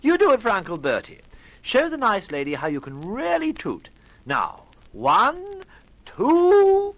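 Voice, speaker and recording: A dithering posh English toff. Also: male voice, extremely high pitch, huge pitch swings, measured pace, fairly bright tone, heavily acted, rough recording. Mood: charming. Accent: upper-class English. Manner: chirpy, dithering, full of upper-class slang. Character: foppish upper-class English airman, cheerful and dotty. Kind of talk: 1950s radio drama acting.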